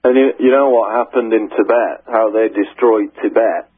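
A man's voice: fairly low pitch, steady tone, normal speed, breathy edge. A man calling in as a guest writer to a radio show, explaining earnestly and often restarting his sentences. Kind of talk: radio interview. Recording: tinny phone line.

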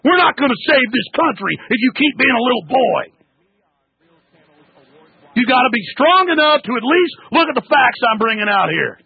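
A man hosting a talk radio show, ranting angrily and shouting insults at callers, with a gravelly, husky voice on a tinny broadcast. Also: sits high, expressive, normal speed, no echo. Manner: angry, shouting tirades at callers.

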